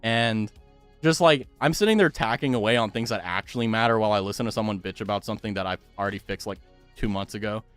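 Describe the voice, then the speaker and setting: A man's voice: on the low side, quick pace, a bit bright, clear, resonant tone, dry recording, soft background music. A male streamer chatting casually with viewers, swearing freely and laughing often.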